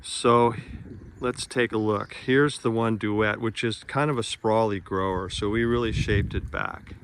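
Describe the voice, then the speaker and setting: A man with a Californian accent talks through a garden demonstration outdoors in a relaxed, plain way. His voice sits a little low. Faint outdoor noise hums in the background. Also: unhurried, gravelly. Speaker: nursery gardener.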